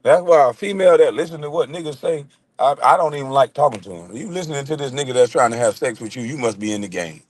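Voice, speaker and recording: A man's voice: mid-range voice, expressive, fast talker. A man on a live stream, ranting casually with lots of cursing, laughing and mocking impressions of other people. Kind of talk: profane ranting monologue.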